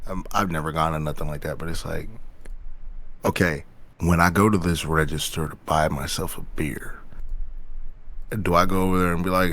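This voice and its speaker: A man's voice: very deep voice, steady tone, moderate pace, pauses often, fairly bright tone. A man co-hosting a podcast, chatting in a laid-back, slangy way and musing aloud with lots of fillers. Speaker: podcast co-host. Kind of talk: casual podcast chat.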